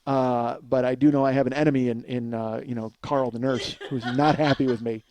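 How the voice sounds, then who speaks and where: A man's voice: medium pitch, steady tone, fairly quick, a little mellow, no echo. A man in his forties telling stories in a comedic monologue, rambling with frequent fillers and chuckling as he goes. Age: 40s. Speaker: podcast host.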